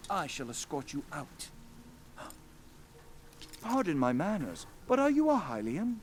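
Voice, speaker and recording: A man voicing a prim, over-polite fish-folk guard in a high, quiet, sing-song voice. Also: wildly swooping pitch, measured pace, slight background noise.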